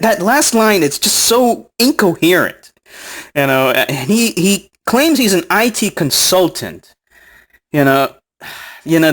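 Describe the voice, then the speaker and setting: A man with a lively, swooping voice tells the story of an online spat, mocking his opponent with sarcasm and swearing. He often laughs at his own points. His voice sits at an ordinary middle pitch and was picked up on a smartphone mic. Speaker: vlogger recounting an online argument. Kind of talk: casual storytelling commentary.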